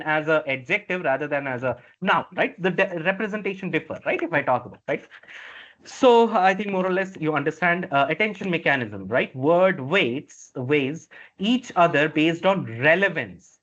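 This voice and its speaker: A male instructor with an Indian English accent giving a classroom lecture, halting and repetitive, checking in with "right?" after nearly every phrase. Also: a little high, fairly bright tone, muffled recording.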